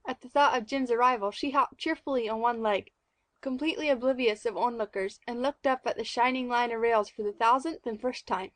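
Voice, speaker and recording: A woman with a fairly high voice reads a classic story aloud in a clear, measured way. The recording is close and dry, with no room sound. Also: fairly bright tone, dry recording. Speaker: narrator. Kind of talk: scripted audiobook narration.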